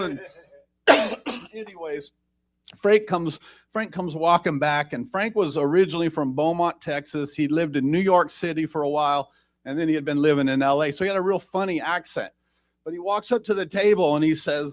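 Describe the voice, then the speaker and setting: A man's voice: a little high, moderate pace, no echo. A man sharing his personal recovery story at a meeting, in a rambling, conversational way with self-deprecating humor.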